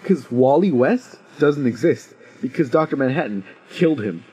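A young man in casual chat, retelling a story with excitement and acting out the characters. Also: mid-range voice, normal speed. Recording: dull lo-fi recording.

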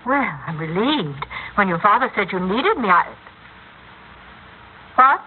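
On a tinny old radio recording with faint hiss, an actress performs 1950s radio drama as a domineering, possessive middle-aged wife and mother. Her mid-range voice is sing-song and unhurried, and she shifts between imperious and doting.

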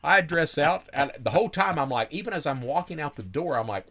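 A man's voice: a little high, animated, fairly quick, few pauses, pushed and bright. A man telling his own story in a casual, wry way, laughing now and then and swearing freely.

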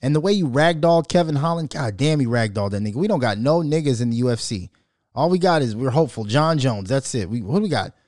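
A man hosting a podcast, ranting loudly and profanely in casual commentary, mocking and joking as he goes. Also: mid-range voice, quick pace, no echo, studio quality. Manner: profane, loud, mocking, animated. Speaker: podcast host.

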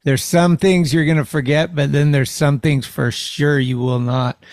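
A man hosting a podcast in casual chat, relaxed and agreeable, laughing along with his guest. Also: a little high, a little slow, dry recording, studio quality. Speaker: podcast host.

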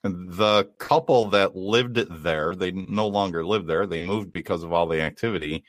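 Low-voiced male podcast host. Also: normal speed, no room sound. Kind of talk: casual chat.

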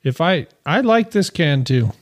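A man co-hosting a casual podcast, talking in an easygoing, rambling way with quick asides. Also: on the high side, very animated. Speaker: podcast co-host. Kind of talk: casual chat.

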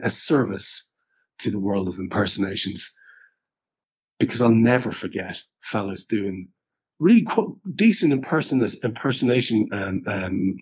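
An Irish man co-hosting a casual podcast, rambling and self-deprecating, with halting restarts. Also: lowish voice, husky. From Ireland. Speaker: podcast co-host. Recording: slightly dull podcast audio.

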